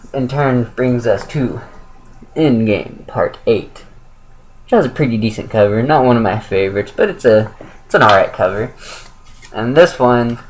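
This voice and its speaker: A young man talks through a comic book review in a loose, off-the-cuff way. He hesitates, backtracks and fills gaps with "uh". His voice sits at an average pitch, with a faint hiss of ambient noise behind it. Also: rough recording. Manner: rambling, with many fillers and self-corrections. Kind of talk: casual spoken review.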